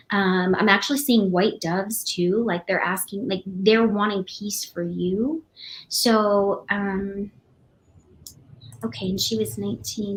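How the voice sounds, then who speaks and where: Woman psychic, hesitant and emotional, mid-pitched, halting live reading. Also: fairly even intonation. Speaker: psychic reader.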